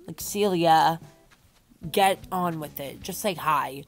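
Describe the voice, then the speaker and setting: A woman's voice: on the low side, lively intonation. Chatty, dramatic young woman gamer. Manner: chatty, dramatic, playful, quick asides. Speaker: gaming channel host. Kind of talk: casual gameplay commentary.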